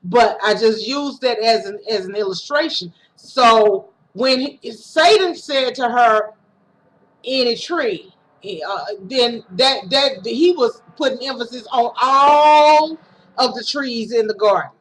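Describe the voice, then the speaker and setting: A woman's voice: fairly high pitch, unhurried, hardly any pauses, fairly bright tone. A woman giving a casual, self-recorded sermon, talking conversationally with restarts and acting out quoted lines. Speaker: preacher. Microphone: home recording setup.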